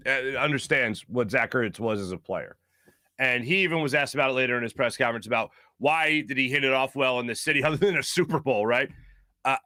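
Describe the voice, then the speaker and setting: Bright, earnest male sports host. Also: mid-range voice, no echo, studio quality. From Philadelphia area, USA. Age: adult with young children. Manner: earnest, emphatic, heartfelt. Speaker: sports talk show host. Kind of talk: sports talk monologue.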